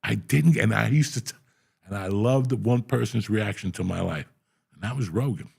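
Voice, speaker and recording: Middle-aged male storyteller with a rough, raspy voice; profane and animated. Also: fairly low pitch, moderate pace. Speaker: podcast host. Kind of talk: casual storytelling.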